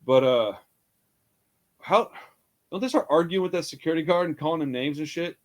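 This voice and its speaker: A man's voice: fairly high pitch, moderate pace. A man casually retelling a horror film, rambling, laughing often and swearing freely. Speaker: podcast co-host reviewing a horror film. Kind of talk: casual profane chat.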